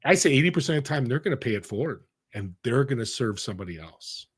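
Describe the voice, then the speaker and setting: A man's voice: medium pitch, quick pace, breathy edge. A middle-aged man as an interview guest, telling stories with energy and speaking straight to the audience. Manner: animated, addresses the audience directly. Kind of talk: conversational storytelling.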